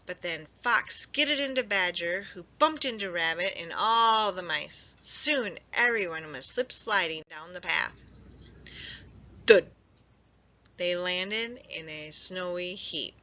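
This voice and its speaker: A woman librarian reads a storybook aloud at children's story time. She reads slowly, with a lively, bouncing pitch. Her voice is very bright, heard through dull, lo-fi sound. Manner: expressive, lively reading with slow pacing. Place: public library. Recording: dull lo-fi recording.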